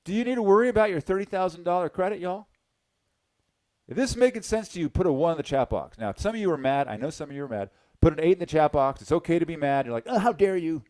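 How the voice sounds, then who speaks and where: Middle-aged male webinar presenter, dry close sound, lively pitch swings, salesy and chatty. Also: fast, dry recording. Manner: animated, exclaiming, addresses audience as y'all.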